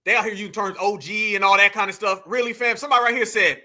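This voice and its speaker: A man's voice: high-pitched, steady tone, fast talker, sharp tone. A man, hosting casual reaction commentary, emphatic and profane, calling his viewers fam. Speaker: commentary channel host.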